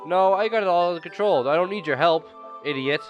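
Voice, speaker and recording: A man's voice: sits high, steady tone, fast talker, highs cut off, music in the background, natural voice. A man reading the lines of a prickly, defensive teenage girl from a visual novel, in a snappy way. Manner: snappy, insisting.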